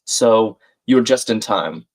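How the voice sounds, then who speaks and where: A man's voice: on the low side, slow. Man thinking aloud over a crossword. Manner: thinks aloud, reads chat names and clues, friendly asides. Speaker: livestream host. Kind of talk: live crossword solving chat.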